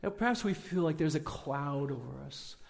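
A man's voice: on the high side, animated, normal speed, gravelly. Earnest man preaching in a reverberant hall. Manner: earnest, prayerful, rises in emphasis then softens. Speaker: pastor. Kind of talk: Easter sermon. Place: church.

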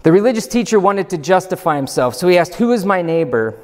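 High-voiced pastor preaching in a reverberant hall. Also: male voice, animated, quick pace, a little mellow. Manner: emphatic, rhetorical questions. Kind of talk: sermon.

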